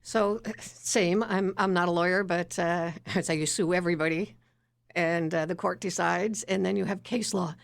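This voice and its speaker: A woman councillor speaks casually on a radio panel. Her voice is gravelly and strained, since she is losing it, and the sound is dry and close to the mic. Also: fairly low pitch, moderate pace, dry recording. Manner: casual, laughs lightly, relaxed delivery. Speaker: city councillor.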